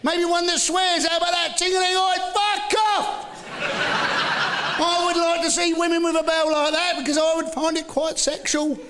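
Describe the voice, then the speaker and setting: High-voiced British stand-up, sarcastic. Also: male voice, completely flat delivery, brisk, hardly any pauses, very noisy. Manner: sarcastic, punchy, full of rhetorical tag questions; shouty bursts mocking a bigoted motorist. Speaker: stand-up comedian. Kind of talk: live stand-up routine. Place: live comedy venue.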